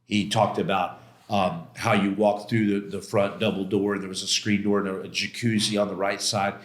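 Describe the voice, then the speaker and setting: A man's voice: sits low, little pitch movement, normal speed. A man being interviewed as a podcast guest, telling a personal story in a casual, slangy, emphatic way and acting out his own past outbursts. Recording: roomy echo.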